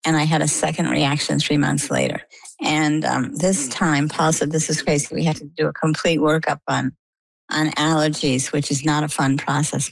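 An older woman from Maine, a guest telling her own story in a chatty, lively way. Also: low voice, gravelly, no echo. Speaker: interview guest. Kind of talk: casual storytelling.

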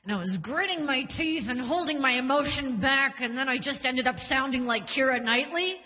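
A woman in her thirties doing a stand-up comedy set, animated and punchy, laughing through her lines. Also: sits high, normal speed. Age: 30s. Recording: long hall reverb.

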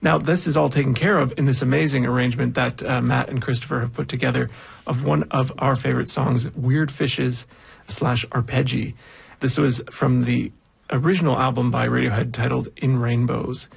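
A man hosts a music radio segment in a relaxed, chatty way, with the odd filler along the way. His voice is very gravelly with a rough, husky grain, sitting at an ordinary middle pitch. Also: normal speed. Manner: chatty and enthusiastic, with occasional fillers. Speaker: radio music show presenter. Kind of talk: casual radio presenting.

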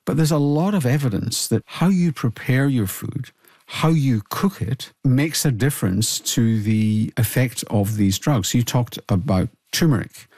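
A man, co-hosting and explaining food science in a measured way, listing points with small restarts. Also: medium pitch, lively intonation, a little mellow, no room sound, studio quality. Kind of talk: explanatory chat about nutrition.

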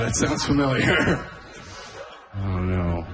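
A man's voice: sits low, lively intonation, moderate pace, background noise. A man doing a stand-up comedy set on stage, often laughing at his own jokes and saying "oh, man" between bits. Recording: echoey club room.

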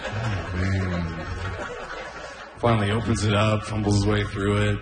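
A man in his thirties doing a stand-up set at an open mic, deadpan and self-deprecating with trailing asides. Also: fairly low pitch, moderate pace. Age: 30s. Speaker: stand-up comedian. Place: open mic stage in a room. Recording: echoey room with long reverb.

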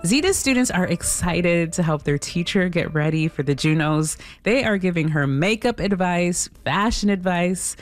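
A woman hosts a radio show in a fairly low voice, interviewing and narrating with an attentive, encouraging manner. Faint music plays behind her. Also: lively intonation, normal speed, few pauses. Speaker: radio host.

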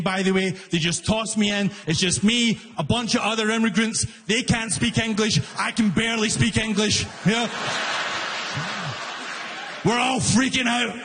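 A man performing a stand-up comedy set on stage, animated and acting out the people in his stories. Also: high-pitched, long reverb tail. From not from Canada. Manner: animated, acts out characters in raised voice.

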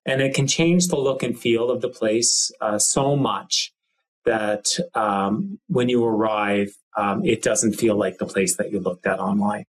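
A man's voice: lowish voice, steady tone, measured pace, poor audio. A male college lecturer explaining a technical point in an interview, with frequent ums.

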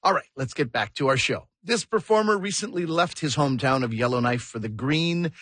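A man's voice: fairly high pitch, expressive, a little fast, fairly bright tone, no room sound. A man hosting a radio comedy show, reading scripted announcements in an upbeat, promotional way. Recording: broadcast voice-over with music bed.

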